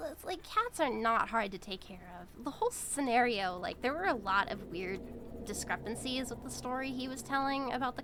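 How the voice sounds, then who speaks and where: A woman's voice: mid-range voice, background noise. A woman streamer chatting casually while she plays, blunt and profane, rambling with lots of fillers. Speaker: VTuber streamer.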